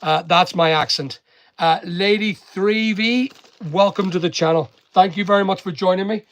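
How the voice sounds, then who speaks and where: A man's voice: sits high, normal speed, fairly bright tone, a little hiss or hum. A man with a mixed London and Northern Irish accent, chatting casually on a live stream as an online seller, rambling and greeting viewers by name while he works in a packing room. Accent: London and Northern Irish mix.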